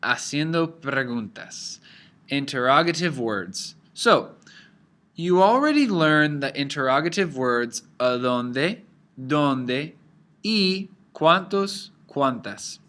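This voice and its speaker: A man's voice: fairly high pitch, bright, forceful tone. A man teaching a language lesson from slides, explaining patiently and mixing English with Spanish examples, with frequent fillers.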